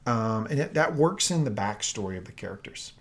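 Animated storytelling man, lively pitch. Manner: animated storytelling with bursts of laughter and quick impressions. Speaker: podcast co-host. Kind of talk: casual recap chat.

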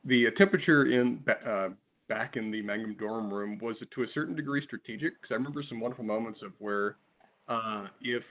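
Quick, dry-witted man on a phone line. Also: on the low side. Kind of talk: casual chat.

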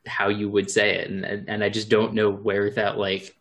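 Low-voiced man in casual chat. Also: moderate pace. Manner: relaxed, rambling with fillers.

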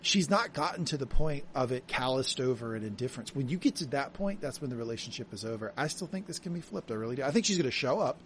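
A man co-hosting a podcast, chatting casually about a TV episode in an animated way and acting out quotes. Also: mid-range voice, fast, hardly any pauses, slight background noise. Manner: animated, acts out quotes with a laugh. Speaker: podcast co-host. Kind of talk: casual chat recapping a TV episode.

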